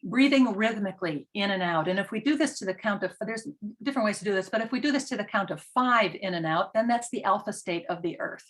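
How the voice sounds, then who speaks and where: A woman's voice: mid-range voice, quick pace, hardly any pauses, a bit bright. A middle-aged woman giving an earnest parenting talk, telling stories with frequent ums. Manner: earnest, storytelling with filler ums. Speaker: parenting educator. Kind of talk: presentation talk.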